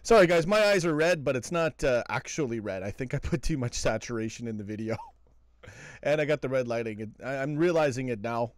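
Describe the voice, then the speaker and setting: The host of a live call-in fan show, a man, chats fairly quickly on a late-night stream from his home computer, easygoing and laughing often. His middle-pitched voice comes through dry and close, free of room echo.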